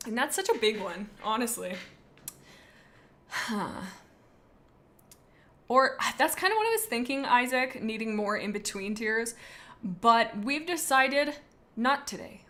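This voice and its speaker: Bright, bubbly young woman streamer. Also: a little high. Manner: bubbly, rambling, talks to chat. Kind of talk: casual live-stream chat.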